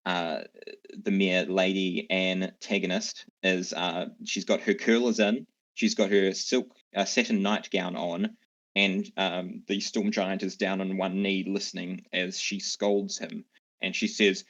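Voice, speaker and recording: A deep-voiced man running a tabletop game, gravelly and husky, narrating loosely with plenty of fillers. The sound is dull and lo-fi. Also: unhurried. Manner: relaxed, rambling, many fillers. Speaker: dungeon master. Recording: dull lo-fi mic.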